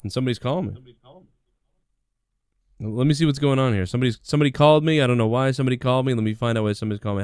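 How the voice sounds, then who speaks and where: A male show host rambles through a profane comic rant. His voice is smooth and resonant, and it is recorded close and dry with no room sound. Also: medium pitch, quick pace, darkish tone, no echo. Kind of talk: profane comedic monologue.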